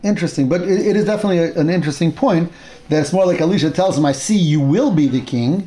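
A man teaching a Torah class, retelling a Bible story with animated storytelling and Hebrew terms mixed in. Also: on the high side, quick pace.

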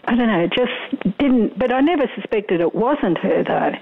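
A woman's voice: on the high side, expressive, normal speed, gravelly, husky. An older woman, a co-host's mother, speaking good-naturedly and politely on the phone. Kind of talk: phone conversation. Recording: tinny phone line.

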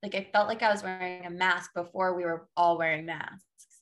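A woman's voice: lowish voice, steady tone, normal speed. Sassy, emphatic woman coach. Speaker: podcast guest, fitness coach. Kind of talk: casual interview chat.

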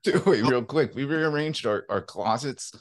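A man's voice: medium pitch, normal speed. A man co-hosting a sports talk show, joking easily and laughing often as he acts out little scenes at home. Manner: jokey, laughs often, acts out his wife's lines. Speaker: co-host. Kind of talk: casual sports podcast banter.

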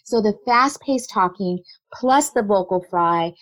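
Woman coaching on body language, lively and chatty, mid pitch, laughs a lot. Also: unhurried, rough recording. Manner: explanatory, animated, laughs often. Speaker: body language specialist, guest. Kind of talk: conversational interview.

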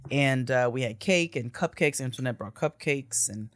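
A woman's voice: extremely low pitch, a little slow, dry recording. Playful, slangy woman co-hosting a podcast. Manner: playful and slangy, breaks into sing-song bits. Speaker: podcast co-host. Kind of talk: casual chat.

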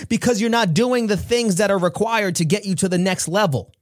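High-voiced, earnest motivational speaker man. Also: a little fast, few pauses, dry recording, studio quality. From New York. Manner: earnest, preachy, laughing often, animated. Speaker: podcast host, motivational speaker. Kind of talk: motivational talk.

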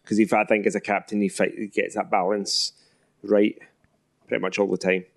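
A man's voice: lowish voice, level tone, moderate pace, creaky. A man co-hosting a podcast, chatting casually and telling a story in a reflective, supportive way. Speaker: podcast co-host. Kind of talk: casual chat.

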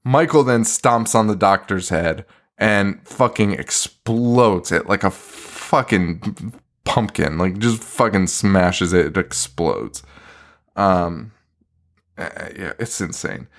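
A podcast co-host recaps a horror movie in a casual review chat, swearing and laughing often as he retells it with animation. His voice is low and he speaks slowly.

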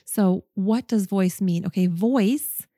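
Woman, podcast host, Bible study teaching, earnest, emphatic, mellow voice, dry close mic. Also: medium pitch, slow pace, no room sound. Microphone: microphone.

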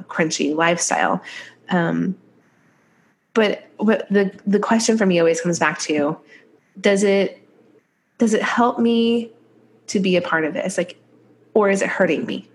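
Woman, podcast co-host, stuffy nose, chatty, laughs easily, faint hiss. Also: on the low side. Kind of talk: conversational podcast chat.

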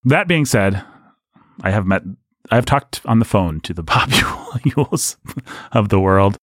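A man co-hosting a podcast, talking in an animated, rambling and candid way about a book. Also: lowish voice, a little slow, no room sound, studio quality. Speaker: podcast co-host. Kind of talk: casual book discussion.

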